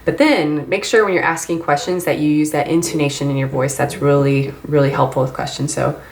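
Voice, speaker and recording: Woman, low-pitched, casual instructor, chatty with ums, echoey room. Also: brisk, creaky, a little hiss or hum. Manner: relaxed and chatty, many ums, light laughs. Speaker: English mentoring trainer. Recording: echoey room, faint ambience.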